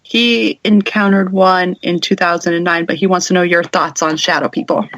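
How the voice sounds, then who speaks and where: A woman's voice: on the low side, fairly even intonation, normal speed, a bit bright, no echo, highs cut off. Chatty woman host, dry close sound. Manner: chatty, lots of "like" and "you know". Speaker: podcast host. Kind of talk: casual chat.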